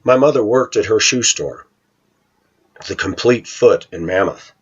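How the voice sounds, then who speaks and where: Male vlogger, low husky voice, lively storytelling, dull lo-fi sound. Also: unhurried. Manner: animated retelling, acting out voices. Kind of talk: casual storytelling monologue. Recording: dull lo-fi home recording.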